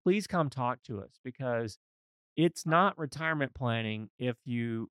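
A man's voice: mid-range voice, lively intonation, unhurried, fairly bright tone, clear, resonant tone, no echo, studio quality. A man hosting a podcast as a financial advisor, talking in a folksy, earnest and emphatic way. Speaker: financial advisor and show host. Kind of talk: conversational podcast discussion.

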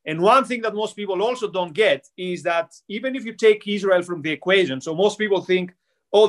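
A man's voice: high voice, a bit bright. A man co-hosting a political podcast, explaining history insistently with hesitant fillers. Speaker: podcast co-host. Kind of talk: casual political debate.

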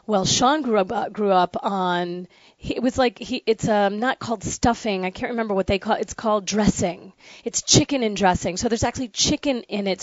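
A chatty woman from the northern United States co-hosts a relaxed conversation, spinning family stories with quick laughs. Her voice sounds dry and close, with a slightly dull, muffled top end. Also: medium pitch, no echo. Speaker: co-host. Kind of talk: casual chat.

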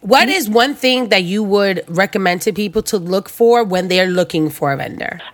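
A woman hosting a casual chat, telling stories with animated energy and acting out quotes with frequent laughter. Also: medium pitch, moderate pace. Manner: animated, laughing storyteller who acts out quotes. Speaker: host.

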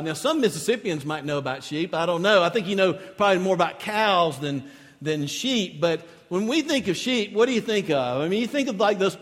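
A man preaching a sermon as pastor, conversational and rising into emphatic lists. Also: high voice. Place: church sanctuary. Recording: long reverb of a large hall.

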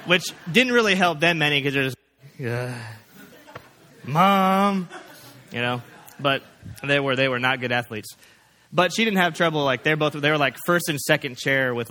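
Man, pastor, sermon, folksy and rambling, mid-pitched, bright tone. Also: fairly quick. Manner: folksy, rambling, many fillers and restarts. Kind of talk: sermon with casual storytelling.

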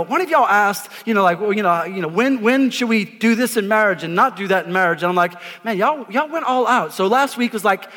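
Man, pastor, very high voice, emphatic sermon, long reverb from the church hall. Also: fairly bright tone. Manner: emphatic, repeats words, asks the congregation to respond. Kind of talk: energetic sermon. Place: church auditorium before a congregation.

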